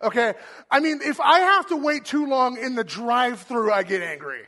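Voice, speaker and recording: Man, very high voice, bright forceful tone, energetic stage host, shouting cheers, playful jokes. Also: normal speed. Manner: playful, joking asides. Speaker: church game host and speaker. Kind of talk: live stage talk to an audience.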